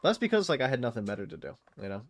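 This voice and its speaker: A man's voice: medium pitch, sing-song, racing. A man in his late twenties streaming a game, rambling in casual, profane commentary and chatting with his viewers and the game's animals. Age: late 20s.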